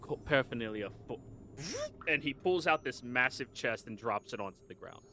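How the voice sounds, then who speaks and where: Bright-voiced man narrating tabletop play. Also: medium pitch, animated, fairly quick, a little hiss or hum. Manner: narrates his character's actions. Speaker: player. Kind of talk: casual tabletop game talk.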